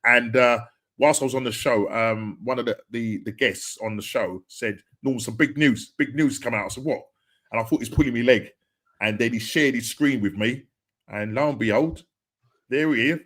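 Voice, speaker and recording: Relaxed man telling a story. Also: mid-range voice, moderate pace. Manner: laid-back storyteller, repeats words. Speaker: podcast guest and co-host. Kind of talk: casual chat.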